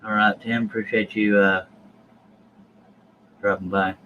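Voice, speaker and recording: A man's voice: fairly low pitch, little pitch movement, a little slow, muffled recording, slight background noise. A man hosting a live stream, chatting casually and joking with viewers in a folksy way. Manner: folksy, jokey, addresses chat viewers.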